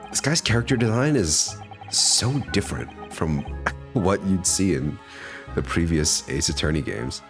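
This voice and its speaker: A male streamer riffing through a let's-play with a deep, low-pitched voice. He is blunt and profane and keeps a joking tone, and his pitch swings around animatedly. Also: expressive, a little slow, music in the background. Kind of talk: casual let's-play commentary.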